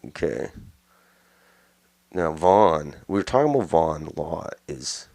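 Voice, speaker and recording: A man's voice: a bass voice, lively intonation, normal speed, darkish tone. A man hosting a daily news commentary show, talking in a blunt, rambling, mocking way. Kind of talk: casual opinion commentary.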